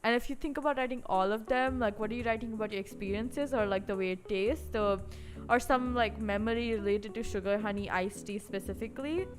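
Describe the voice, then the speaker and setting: A woman's voice: a little high, fairly quick, soft background music. A woman streaming casually, rambling and chatty with lots of filler words. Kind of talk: casual live-stream chat.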